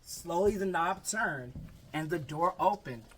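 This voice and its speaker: A teacher reads a picture book aloud to a group of children with a lively, swooping voice. His tone is bright and forward. He stops to ask them questions as he goes. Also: fairly high pitch, unhurried, slight background noise. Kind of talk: animated read-aloud storytime.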